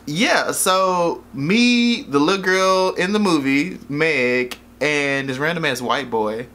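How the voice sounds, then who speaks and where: A man's voice: fairly high pitch, takes it slowly, hardly any pauses, pushed and bright. A man casually reviewing a movie in a rambling, jokey, profane way, often losing track of names.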